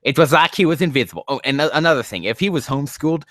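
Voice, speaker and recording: Male commentator ranting over a bad fanfic, swearing often, lively swooping pitch, dry close mic. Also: rapid-fire, no room sound. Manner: profane, exasperated ranting. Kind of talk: comedic reading commentary.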